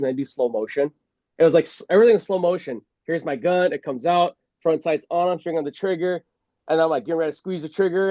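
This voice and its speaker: A man's voice: on the high side, a little mellow, no room sound, highs cut off. A man who used to be a police officer tells a story in a casual way, acting out the scene and laughing often. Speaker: former police officer guest.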